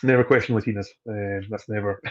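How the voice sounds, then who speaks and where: A man's voice: fairly low pitch, fairly even intonation, fairly quick, muffled recording, crowd noise. A man, a distillery trade guest chatting casually on a video call, talking freely with restarts and frequent laughs. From Scotland.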